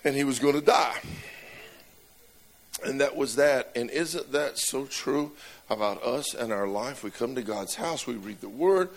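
A man's voice: medium pitch, a little slow. A man preaching a sermon in church, telling jokes and stories with self-deprecating humor. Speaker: pastor.

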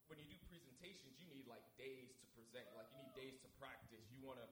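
A man speaking as a guest, telling a faith testimony in an animated way and acting out both sides of the conversations. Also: medium pitch, fast talker, background noise. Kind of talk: testimony storytelling. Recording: echoey room with a crowd.

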